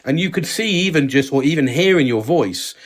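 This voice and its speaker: A man's voice: fairly high pitch, animated, brisk. An English man on a live chat show, talking supportively and repeating words as he thinks. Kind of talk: casual chat.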